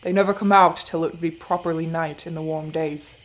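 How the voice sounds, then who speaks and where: A woman voicing a gruff, growling middle-aged male farmer and landlord in an audio fiction story. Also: low-pitched, fairly even intonation, brisk, pitched below the performer's own voice, poor audio.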